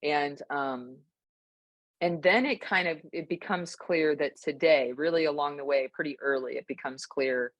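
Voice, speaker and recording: A woman co-hosting a podcast, telling a story in a relaxed, reflective way with frequent fillers. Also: low-pitched, unhurried, no room sound, lo-fi sound. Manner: thoughtful storytelling, many fillers. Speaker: podcast co-host. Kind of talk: casual reflective chat.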